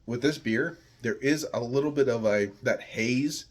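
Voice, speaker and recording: A man's voice: mid-range voice, a little slow. A man from the United States giving a casual, rambling beer tasting review, searching for words and swearing now and then.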